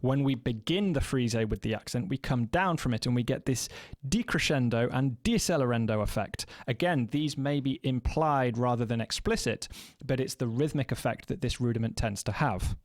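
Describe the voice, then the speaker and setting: A man teaching snare drum technique in a measured, explanatory way, counting beats aloud and now and then correcting himself. His mid-pitched voice is recorded dry and close, with no room around it. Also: dry recording. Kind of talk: instructional music lesson.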